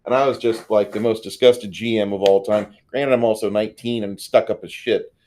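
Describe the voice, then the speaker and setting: A man's voice: on the low side, brisk, slight background noise. A man co-hosting a casual podcast, telling a game-master story with lots of swearing. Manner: profane, animated storyteller.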